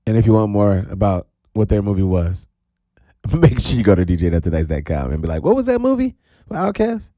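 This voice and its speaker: Male DJ host, animated and playful, warm low timbre, stretches words into high calls. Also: dry recording, clean studio sound. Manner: animated, playful, swoops into high drawn-out shouts. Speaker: radio DJ host. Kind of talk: casual radio talk show. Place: radio studio.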